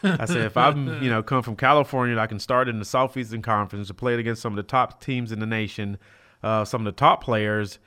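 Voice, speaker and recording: Middle-aged man telling lively stories. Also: mid-range voice, a little fast. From South Central Los Angeles. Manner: animated, acts out quoted dialogue, many fillers like "you know". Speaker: guest, former college football player. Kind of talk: storytelling in a casual interview.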